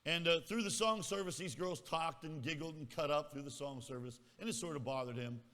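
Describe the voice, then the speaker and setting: A man's voice: a little high, a little fast, bright, forceful tone. A male pastor telling a story in a sermon in a folksy manner, teasing his congregation. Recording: echoey hall reverb.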